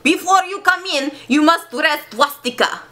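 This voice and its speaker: A woman voicing an excitable, zealous male playwright with a mock German accent, shouty and over-eager. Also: sits high, moderate pace, soft background music, pitched above the performer's own voice.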